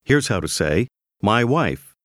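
Lively, deep-voiced male course narrator. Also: no room sound, studio quality. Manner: clear, measured prompting. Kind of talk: scripted instructional narration.

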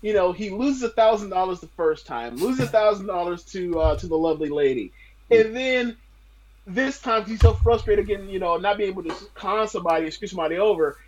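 A man's voice: high-pitched, brisk, muffled recording. A man co-hosting a casual podcast, blunt and swearing, repeating words as he builds a point. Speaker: podcast co-host. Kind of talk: casual chat recapping a wrestling show.

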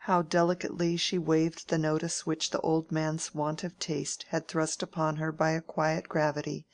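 Low-voiced woman reading a classic novel. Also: flat delivery, moderate pace, dry recording. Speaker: audiobook narrator. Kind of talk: scripted narration of a classic novel.

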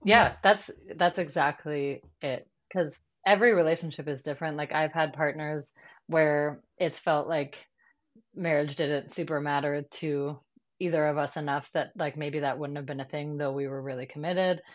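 A woman with a very low voice chats casually as a podcast guest. She leans on fillers and acts out little quotes as she talks. The recording is a bit dull and lo-fi. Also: fairly even intonation, normal speed. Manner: chatty, lots of fillers and quoted asides.

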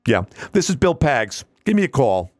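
A man's voice: medium pitch, sing-song, moderate pace, a little mellow, no room sound, clean studio sound. A man doing a brash fill-in radio host. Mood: breezy.

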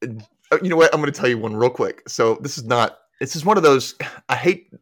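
Speaking fairly quickly at a medium pitch, a man hosting a podcast runs through a casual recap, bringing scene quotes to life with animated impressions. The sound is dry and studio quality.

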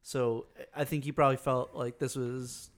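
A laid-back man co-hosting a podcast, chatting casually with easy laughs and plenty of swearing. His pitch sits in an ordinary middle range. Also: level tone, moderate pace. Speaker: podcast co-host. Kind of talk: casual chat.

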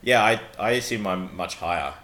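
Man, deep voice, self-deprecating, podcast co-host, very low pitch. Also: expressive, normal speed, fairly bright tone. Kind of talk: casual chat.

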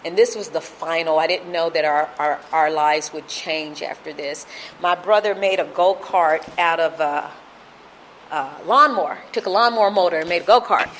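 A woman in her fifties from Compton giving an emotional, halting recovery testimony, often repeating herself. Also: sits low, fairly bright tone, a little hiss or hum. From Compton, California. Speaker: speaker sharing at a recovery fellowship.

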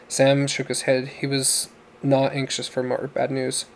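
A man reading a novel aloud as narrator, in a steady, even storytelling manner. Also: mid-range voice, normal speed, a little hiss or hum, low-quality recording. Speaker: audiobook narrator.

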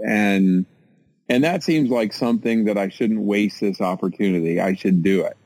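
A man's voice: lowish voice, moderate pace, creaky, darkish tone, dry recording, poor audio. An American man telling a story in an interview, casual and self-mocking, with lots of fillers and restarts. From United States.

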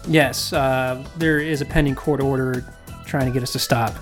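A man co-hosts a casual comedy podcast. He banters with a dry, joking delivery while plugging the show. Faint music sits quietly in the background. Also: mid-range voice, moderate pace. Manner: joking, deadpan self-promotion. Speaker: podcast co-host.

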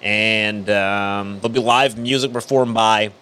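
A man's voice: on the low side, fairly even intonation, a little slow, sharp tone, slight background noise. A man co-hosting a casual radio podcast, reading local event listings in an upbeat, jokey way. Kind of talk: casual chat.

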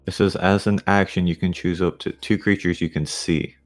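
A man's voice: deep voice, fairly even intonation, normal speed. A man playing a tabletop game, hesitant and matter-of-fact. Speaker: player. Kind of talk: casual chat.

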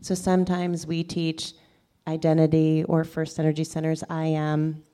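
A woman teaching an audience about soulmates in a slow, deliberate talk. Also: low-pitched, level tone, mellow. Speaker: speaker, spiritual teacher.

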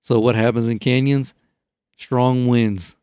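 A man's voice: mid-range voice, takes it slowly, clear, resonant tone, no echo, studio quality. A man telling a story in casual chat, rambling and profane, with lots of fillers. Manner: rambling, profane, animated retelling with many fillers.

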